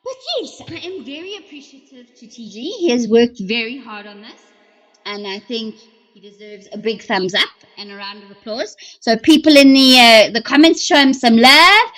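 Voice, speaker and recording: A woman with a fairly high voice hosts a live stream and chats freely about the stars. She rambles along with plenty of fillers and talks straight to her viewers about their comments. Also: lively intonation, moderate pace, a bit bright. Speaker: livestream host. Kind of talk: casual livestream chat about astrology.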